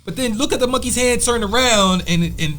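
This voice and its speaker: A man telling stories in a casual podcast chat, animated and acting out the people he quotes. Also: very high-pitched, a little fast, slight background noise. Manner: animated storyteller, quotes others in voices. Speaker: podcast co-host.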